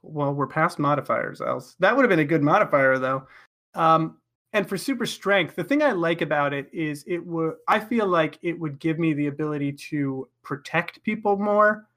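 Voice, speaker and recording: Casual podcast host, mid-pitch, chatty and self-mocking. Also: animated, moderate pace, a bit bright. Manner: chatty, laughs often, many fillers. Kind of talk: casual group chat.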